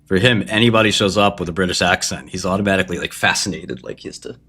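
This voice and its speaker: A man's voice: low-pitched, fast talker, bright, forceful tone. A man livestreaming casual stock analysis at his computer, offhand and joking, swearing and laughing at himself.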